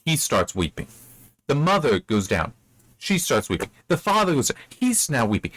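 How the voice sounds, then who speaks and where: A man's voice: on the high side, big pitch swings, moderate pace, fairly bright tone. A man giving casual, rambling commentary on a book he has read, with frequent restarts and asides. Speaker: book reviewer.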